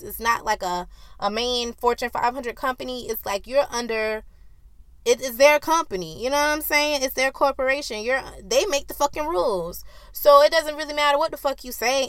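Woman ranting on her solo podcast, cussing a lot, voice a bit high and bright. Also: no room sound. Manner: profane, heated storytelling; acts out quoted arguments loudly. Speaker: podcast host.

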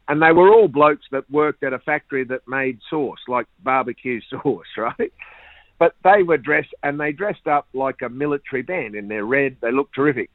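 An older Australian man, a former cricketer, telling lively anecdotes and laughing at his own stories. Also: mid-range voice, no echo. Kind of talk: anecdotal storytelling. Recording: tinny phone-like line, dry.

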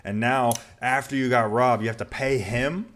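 A man's voice: medium pitch, steady tone, moderate pace, fairly bright tone. A man hosting a casual podcast chat, reacting with jokes and casual swearing. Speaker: podcast host.

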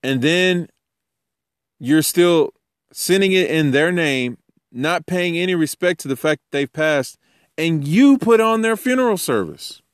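Guy preaching a casual sermon, lively and jokey, pitch all over, dry close sound. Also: measured pace, no echo. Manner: animated, jokey, acts out voices. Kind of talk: informal sermon.

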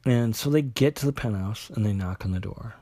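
Husky low-voiced man recapping a comic. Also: dark tone, no echo. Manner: halting, lots of fillers and restarts. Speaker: comic book reviewer. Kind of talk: casual plot recap.

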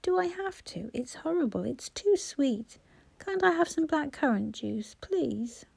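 A woman's voice: high-pitched, very animated, measured pace, gravelly, darkish tone, voice pushed up, exaggerated voice. A woman voicing a small boy who is nosy and whiny. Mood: childish.

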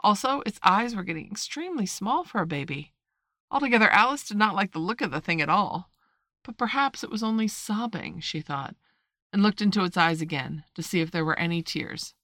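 A woman's voice: medium pitch, no echo, clean studio sound. Woman reading a storybook aloud. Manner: measured, expressive read-aloud narration. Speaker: narrator.

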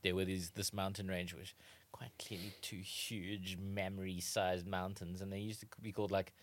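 A man's voice: low-pitched, flat delivery, normal speed, no room sound. A man co-hosting a comedy trivia podcast, explaining facts in a wry, joking casual chat. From South Africa. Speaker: podcast co-host.

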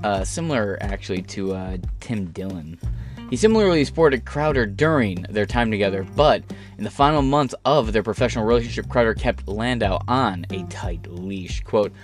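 A man's voice: fairly low pitch, normal speed, faint music behind. A man hosting a podcast, reading news and riffing in a sarcastic, profane way. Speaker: podcast host. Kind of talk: casual commentary.

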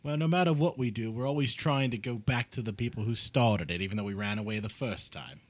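A man's voice: medium pitch, fairly quick, no echo. Wry man making sarcastic quips. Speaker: podcast co-host. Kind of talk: casual chat.

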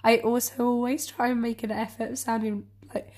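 A woman's voice: fairly high pitch, level tone, brisk, a little mellow. Giggly young woman in her twenties. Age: 20s. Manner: chatty, giggly, self-deprecating. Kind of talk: casual chat.

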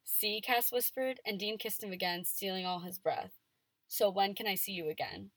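Woman reading fanfic out loud to a friend, chatty, lots of like, dry close sound. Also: mid-range voice, normal speed, dry recording. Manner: reads dialogue with playful emphasis, chatty with many "like"s. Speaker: podcast co-host reading fan fiction aloud. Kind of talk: casual chat and reading aloud.

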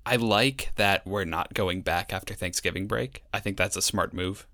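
A man's voice: sits low, moderate pace, pushed and bright, no echo, studio quality. A young man co-hosting a casual podcast, talking in a wry, sarcastic way and rambling through his stories. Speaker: podcast co-host. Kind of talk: casual chat.

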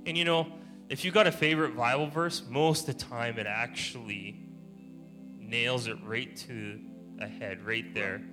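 Man, lay preacher, easygoing storyteller, mid pitch, gentle guitar underneath. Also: fairly even intonation, unhurried. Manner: chatty storytelling, laughs often. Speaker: church speaker. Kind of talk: informal testimony sermon. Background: soft guitar music.

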